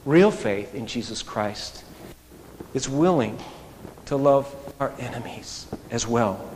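A man preaching a sermon in an animated, conversational way, full of rhetorical questions. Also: mid-range voice, slow. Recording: echoey hall, faint noise.

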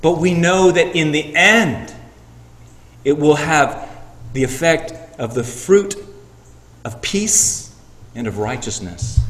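A man preaches to his congregation in a fairly high voice. He swings between loud, emphatic peaks and hushed passages. The sound rings through a large, echoey sanctuary with a long reverb tail. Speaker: pastor. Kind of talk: sermon.

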